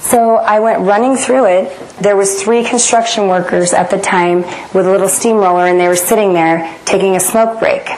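A middle-aged American woman recounts a personal testimony with earnest, dramatic delivery, acting out the voices in her head. Her pitch sits in an ordinary middle range. A faint noise floor runs under the recording. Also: fairly even intonation, normal speed, few pauses, a little mellow, low-quality recording. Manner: earnest, dramatic retelling that acts out inner voices.

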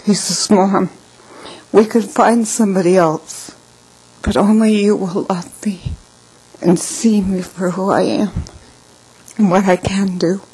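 A middle-aged woman telling her own story in an emotional personal testimony, often dropping to a soft hush. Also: mid-range voice, fairly even intonation, takes it slowly, pauses often, slightly rough, rough recording.

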